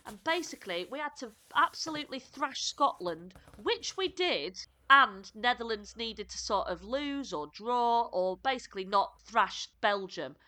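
A woman co-hosting a podcast, chatting casually and enthusiastically about football, with quick bursts and restarts. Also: fairly high pitch, expressive, pushed and bright. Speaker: podcast co-host.

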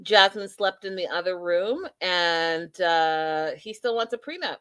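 A woman's voice: lowish voice, measured pace. A woman hosting a podcast, giving a casual, opinionated recap of a reality show, acting out what people said. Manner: animated, opinionated, acts out quotes. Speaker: podcast host reviewing reality TV.

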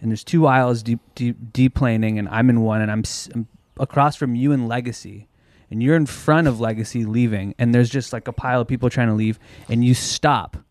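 A man on a podcast telling a crude story in an animated way, often laughing. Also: medium pitch, a little fast, no echo. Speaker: podcast co-guest. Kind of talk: casual storytelling chat.

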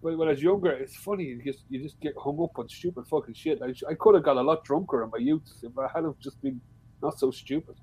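A man's voice: a little high, fast talker, slight background noise, poor audio. Sweary Irish man chatting casually. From Ireland. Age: adult, with a father-in-law. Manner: swears freely, animated storytelling. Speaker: podcast guest. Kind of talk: casual chat.

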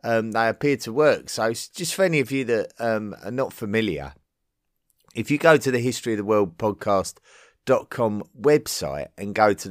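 English guy doing podcast listener mail, lowish voice, dry, stumbles and restarts a lot. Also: dry recording. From England. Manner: halting, with many ums and restarts. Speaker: podcast host. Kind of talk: casual listener-mail segment.

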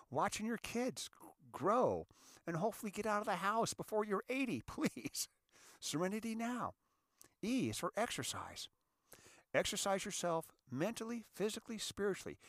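A man's voice: high voice, no room sound, clean studio sound. A middle-aged man hosting a casual self-help talk show from his car, joking and acting out quoted voices. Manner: animated, jokey, acts out voices in quoted dialogue. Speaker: radio show host. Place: inside his parked car.

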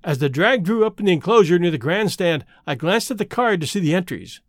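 A man reading a detective story aloud as narrator, measured and expressive. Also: high voice, no room sound, studio quality. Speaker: audiobook narrator.

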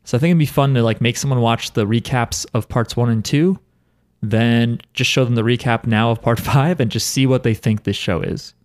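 A man's voice: medium pitch, moderate pace. A man hosting a podcast, chatting loosely and rambling, with casual swearing. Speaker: podcast host. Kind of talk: casual chat.

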